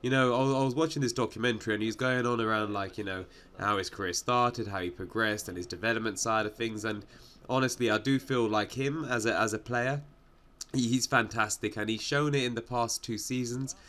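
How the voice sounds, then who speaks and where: A man's voice: medium pitch, fairly even intonation, fairly quick, fairly bright tone. A young man hosting his gaming channel, talking casually and rambling with lots of fillers like "like" and "you know". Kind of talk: casual video game commentary.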